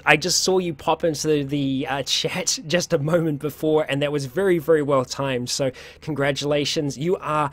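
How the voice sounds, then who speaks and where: A man's voice: fairly high pitch, fairly even intonation, normal speed, fairly bright tone. A man hosting a casual livestream Q&A, chatty and upbeat, often laughing and restarting his sentences, his voice getting worn. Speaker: livestream host.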